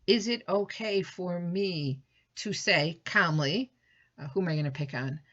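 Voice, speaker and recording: A woman's voice: fairly low pitch, unhurried, fairly bright tone, lo-fi sound. A woman teacher giving a recorded lesson in a conversational way, thinking aloud with fillers and restarts.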